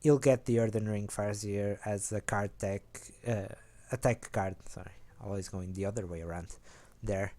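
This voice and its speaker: Young male host, low-key and rambling, slightly low mellow voice. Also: fairly even intonation, normal speed, hardly any pauses. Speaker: host of a card game deck video. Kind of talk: casual rambling explanation.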